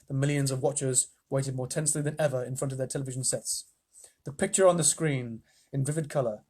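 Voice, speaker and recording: A man reading a children's book aloud on a live stream, expressive, with chatty asides. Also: mid-range voice. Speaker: storyteller.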